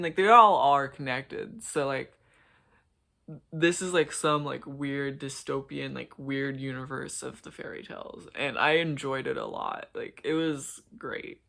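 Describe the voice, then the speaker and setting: Bright chatty man reacting to a show. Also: mid-range voice, gravelly. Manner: chatty, gushing, swears a lot, many "like"s. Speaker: reaction vlogger. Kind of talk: casual reaction commentary.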